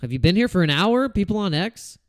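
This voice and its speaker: A man with a fairly high voice that swings widely up and down as he rants on a livestream. He talks in a fed-up, swearing, rambling way, full of restarts. His voice sounds close and dry, with no room around it. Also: big pitch swings, brisk, no echo. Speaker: crypto trading livestream host. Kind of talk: casual livestream rant.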